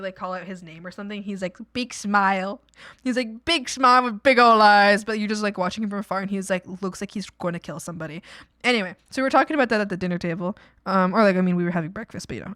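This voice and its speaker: A woman's voice: mid-range voice, dry recording, studio quality. A woman streamer chatting casually while she draws, rambling with lots of fillers and frequent giggles. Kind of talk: casual chat while drawing.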